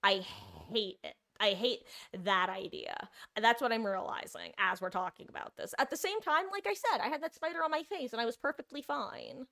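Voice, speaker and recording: A woman's voice: on the high side, expressive, moderate pace, gravelly, hardly any pauses, sharp tone. A young woman from New Jersey, a live streamer chatting casually and rambling to her viewers while she plays a game. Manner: chatty, rambling, greets viewers mid-story.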